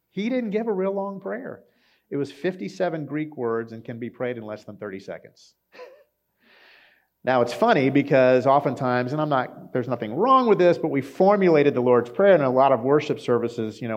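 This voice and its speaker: Male pastor, relaxed conversational sermon, mid-pitched voice, slightly muffled recording. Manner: conversational, with fillers and acted quotes.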